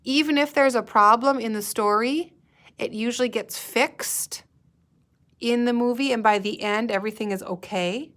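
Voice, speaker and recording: A woman teacher leading a guided-reading lesson, patiently sounding out words and pausing for young students to answer. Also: a little high, fairly bright tone.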